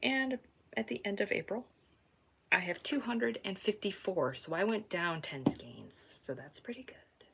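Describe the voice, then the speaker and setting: A woman hosting a knitting podcast, chatting casually and self-deprecatingly, often trailing off into soft asides. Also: mid-range voice, lively intonation, measured pace, vocal fry, noisy background. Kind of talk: casual stash-tracking chat.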